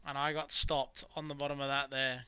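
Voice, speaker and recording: A man's voice: mid-range voice, level tone, fairly quick, bright, forceful tone, clear, resonant tone, dry recording, lo-fi sound, soft background music. A man chatting casually through a live trading stream, muttering to himself about his charts. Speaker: live-streaming futures trader.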